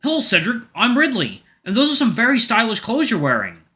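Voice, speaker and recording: A man voicing a gentle, polite male sun bear who mends clothes. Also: very high-pitched, huge pitch swings, fairly quick, voice pushed up, exaggerated voice. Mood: friendly.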